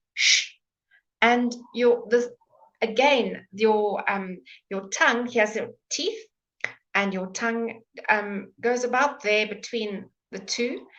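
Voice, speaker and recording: A woman's voice: medium pitch, fairly bright tone. A woman teaching English pronunciation in a live online lesson, patiently modelling sounds and encouraging questions.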